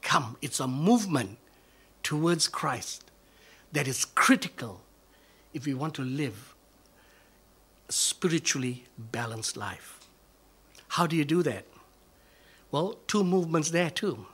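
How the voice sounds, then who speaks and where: A man delivers a sermon in a high, slightly husky voice. He works through rhetorical questions and repeated short phrases. His lines sink to near whispers and then rise to forceful, emphatic calls. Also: animated, slow pace, long pauses. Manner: repetitive, rhetorical questions and answers. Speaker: pastor.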